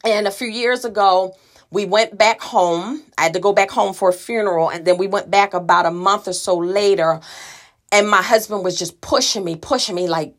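A woman's voice: fairly low pitch, moderate pace, gravelly, fairly bright tone. A middle-aged woman telling a personal family story in a conversational way, acting out the voices of the people she quotes. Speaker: listener sharing a story.

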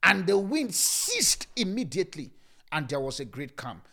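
A pastor with a Nigerian accent preaches a sermon, shouting lines of scripture before dropping into a calm, hushed voice. His voice sits high and is a bit creaky, and he speaks at a moderate pace.

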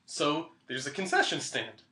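Young guy with a bright voice, laughs a lot while telling his story. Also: on the high side, wildly swooping pitch, moderate pace, reverberant. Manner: laughs often, acts out quoted voices. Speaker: podcast guest. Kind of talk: casual storytelling.

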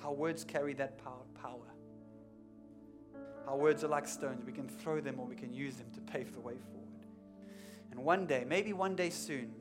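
Male pastor, slightly high voice, preaching in church with faint music behind; emphatic peaks, hushed drops, repeats for weight. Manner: rises to emphatic peaks, then drops to quiet intensity; repeats key lines for emphasis. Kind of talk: sermon.

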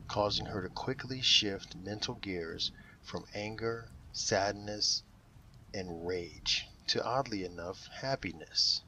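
A man reading a dramatic story aloud in a measured, emotive way. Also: deep voice, pushed and bright, slight background noise, low-quality recording. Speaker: narrator.

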